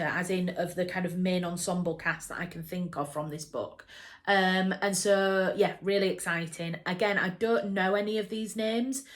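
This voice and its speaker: A woman from England chatting enthusiastically to camera about a book adaptation, with frequent fillers and restarts. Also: mid-range voice. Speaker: book vlogger. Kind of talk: casual chat to camera.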